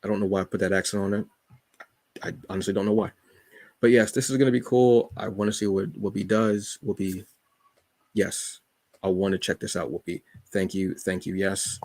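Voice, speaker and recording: A man's voice: low-pitched, fairly even intonation, normal speed, darkish tone, no room sound. A man hosting a solo comics show, rambling enthusiastically with many fillers. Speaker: podcast host reviewing comics. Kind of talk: casual solo chat.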